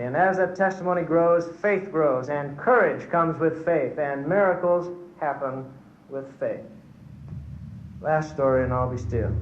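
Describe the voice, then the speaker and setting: An earnest male preacher with a fairly high voice delivers a storytelling sermon. The sound bounces around a big hall, and the recording is dull and lo-fi. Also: a little hiss or hum. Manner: earnest, testifying, addresses brothers and sisters. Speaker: church speaker.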